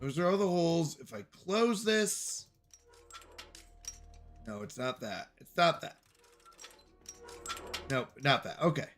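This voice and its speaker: A man's voice: on the high side, sing-song, slow pace, long pauses, fairly bright tone, faint music behind. A man streaming a puzzle game, talking to himself and his chat in jokey, self-scolding asides. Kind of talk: live game commentary.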